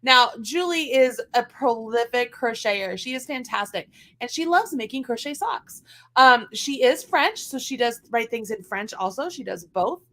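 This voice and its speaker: A woman's voice: fairly high pitch, lively intonation, moderate pace, bright, forceful tone. A woman hosting a casual live craft stream, chatting as she clicks through a website. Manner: chatty, talks to her dog while scrolling.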